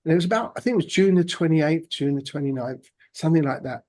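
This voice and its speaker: A man, a podcast guest telling his own story in a halting, reflective way. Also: fairly high pitch, animated, a little mellow. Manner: halting, reflective, many restarts. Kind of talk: personal storytelling interview.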